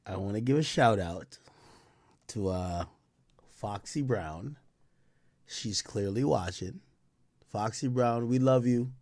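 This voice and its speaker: A man's voice: lowish voice, slow pace, long pauses, a little mellow, no room sound, studio quality. A man in a casual live stream who rambles animatedly with lots of slang.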